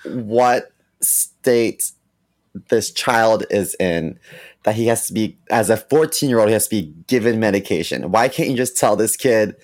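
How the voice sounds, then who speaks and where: A man's voice: lowish voice, expressive, unhurried, poor audio. A man co-hosting a podcast, musing skeptically and making wry jokes in casual chat. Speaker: podcast co-host.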